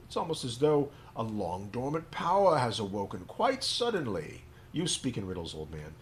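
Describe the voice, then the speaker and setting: A man's voice: fairly high pitch, a bit bright, a little hiss or hum, voice pushed up. A man voicing a mysterious old hermit, reading the lines in a lofty, dramatic way. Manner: reads the game lines in an elevated, dramatic voice.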